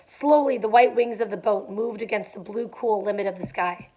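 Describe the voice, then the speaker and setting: A woman's voice: mid-range voice, moderate pace, a little mellow. A young adult woman reading a novel aloud, dropping in casual asides with fillers. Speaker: reader.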